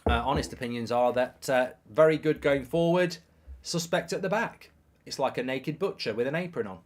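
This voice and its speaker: A middle-aged man hosting a live football watchalong, commenting on the match and reading out viewer messages with bursts of excitement. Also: mid-range voice, moderate pace. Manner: excitable, reads viewer messages aloud, repeats himself.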